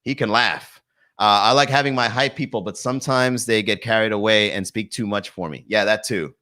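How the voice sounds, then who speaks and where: A young man talks to his live-stream audience from his garage, running on and on in loose riffs. His voice is bright and forward, and he laughs at his own jokes as he goes. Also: lowish voice, normal speed. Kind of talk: casual live-stream comedy chat. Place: home garage.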